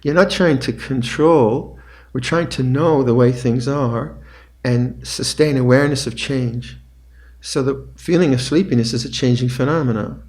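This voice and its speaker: An older man gives a dharma talk at a meditation retreat. His voice sits at an ordinary mid pitch, calm and unhurried. He often repeats short phrases more quietly. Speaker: meditation teacher.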